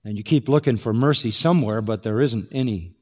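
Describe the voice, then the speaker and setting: A man's voice: medium pitch, fairly quick, a little mellow, big-room sound. A man preaching an expository sermon, emphatic and building to exclamation on key points. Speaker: pastor.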